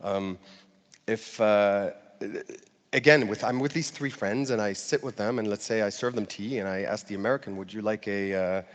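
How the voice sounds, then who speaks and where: A man's voice: lowish voice, normal speed. Man giving a talk in a reverberant hall. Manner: conversational, with frequent fillers and light laughs. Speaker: speaker giving a talk on language learning. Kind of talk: public talk to an audience.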